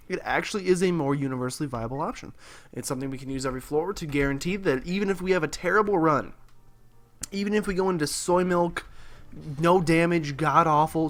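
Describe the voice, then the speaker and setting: A young man in college rambling with sarcasm and lots of fillers while commenting on his gameplay as a let's play host, his voice a bit husky. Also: on the high side, a bit bright. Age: young adult. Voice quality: slightly husky.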